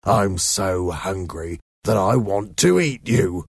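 A man's voice: low voice, animated, slow pace, vocal fry, husky, no room sound, clean studio sound, full character voice. A man doing a menacing convict. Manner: aggressive, threatening. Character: menacing, hungry escaped male convict.

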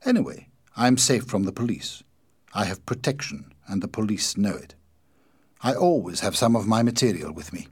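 A man reading the part of a cold, calm male bomb maker, quiet and matter-of-fact, in a husky, lively voice. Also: fairly low pitch, normal speed, no echo, studio quality.

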